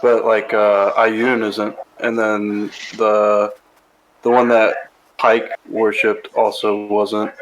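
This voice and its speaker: A man's voice: fairly low pitch, level tone, slow pace. Man with offhand asides over a noisy line. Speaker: player. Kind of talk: casual group chat.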